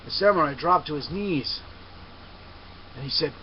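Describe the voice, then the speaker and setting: Guy telling a story real slow and dramatic, kinda high voice, muffled lo-fi with some hiss. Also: lively intonation. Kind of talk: told story narration.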